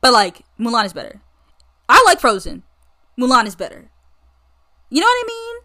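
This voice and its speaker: Chatty young American woman, slightly high. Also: huge pitch swings, normal speed, pushed and bright. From United States. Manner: chatty, rambling, enthusiastic. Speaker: podcast host. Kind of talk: casual solo movie review chat.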